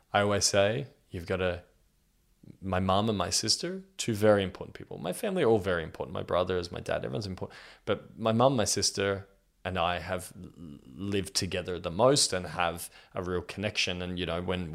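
Young man, low gravelly voice, candid personal storyteller. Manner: candid, heartfelt, with soft laughs.

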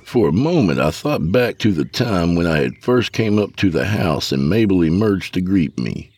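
Man reading a story aloud, deep voice, lively rising and falling delivery, dry close sound. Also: moderate pace, husky. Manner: expressive, dramatic storytelling. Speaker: narrator. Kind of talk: first-person story reading.

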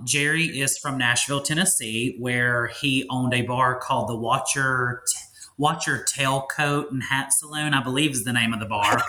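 A man in his thirties from Louisiana, calmly explaining things as a podcast guest in a polite, easy conversational way. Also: medium pitch. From Louisiana, USA. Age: 30s. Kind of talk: casual interview chat.

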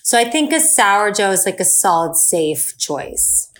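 A woman in a relaxed casual chat, speaking easygoingly with frequent fillers. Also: mid-range voice, unhurried.

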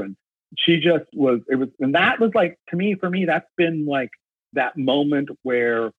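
A man with a husky, slightly rough voice talks eagerly and at length, stumbling over and restarting his words as he tells a story. The sound is dry and squeezed through a narrow, phone-like band. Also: mid-range voice, no echo. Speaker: concert photographer. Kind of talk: storytelling in an interview.

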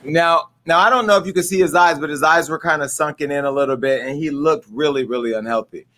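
A man's voice: a little high, quick pace, pushed and bright. A middle-aged man hosting a casual commentary show, talking candidly and emotionally straight to his viewers. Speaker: host.

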